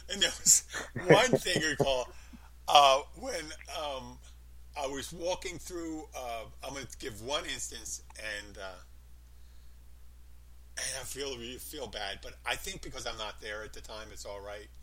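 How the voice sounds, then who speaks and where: A man's voice: medium pitch, unhurried, fairly bright tone, low-quality recording. A man in casual chat, telling rambling stories with lots of emphasis.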